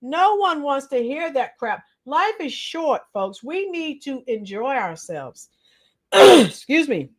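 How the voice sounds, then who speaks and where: A middle-aged woman hosting a casual livestream, greeting viewers by name, her voice a little strained and clearing her throat often. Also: high voice, big pitch swings, takes it slowly. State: slightly strained voice after a week of teaching. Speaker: livestream host. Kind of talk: casual live chat with viewers.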